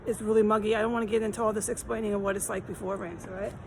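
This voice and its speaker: A woman records herself on a phone while resting on a city street corner, hot and tired from the heat. She rambles on in an aggrieved, repetitive way, circling back to the same complaints. Faint traffic hums behind her, and her voice sits at a middling pitch. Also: steady tone, very fast. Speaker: vlogger. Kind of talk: rambling walk-and-talk vlog.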